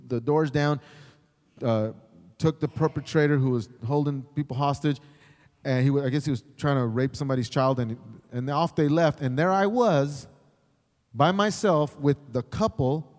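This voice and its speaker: A middle-aged man, a chaplain, teaching in a sermon style, animated, acting out the voices he quotes. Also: medium pitch, big-room sound. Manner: animated, acts out quoted voices, repeats words when starting. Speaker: chaplain and pastor.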